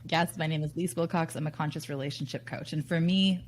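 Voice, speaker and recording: Lower-voiced woman, relationship coach guest, earnest and blunt, swears a bit. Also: steady tone, brisk, slight background noise. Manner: earnest and candid, with casual swearing. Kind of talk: casual interview chat.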